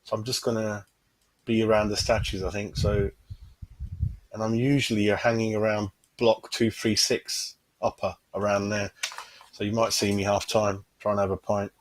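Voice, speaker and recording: A man's voice: lowish voice, level tone, normal speed, no echo. A man hosting a fan channel, chatting casually on a livestream, constantly saying "mate" and tossing in tag questions.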